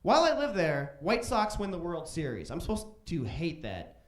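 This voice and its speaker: A man in his thirties from Chicago performs stand-up with a fairly high, very lively voice that swoops up and down. He tells crude stories and jumps into loud voices for quotes. The sound echoes around a roomy club stage. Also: normal speed. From Chicago, USA. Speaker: stand-up comedian. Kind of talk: stand-up comedy storytelling.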